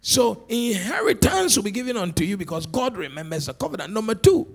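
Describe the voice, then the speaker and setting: A man preaching a sermon as pastor, animated and repetitive, swinging between shouts and low murmurs. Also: fairly quick, creaky, hardly any pauses, breathy edge. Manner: repeats words for emphasis.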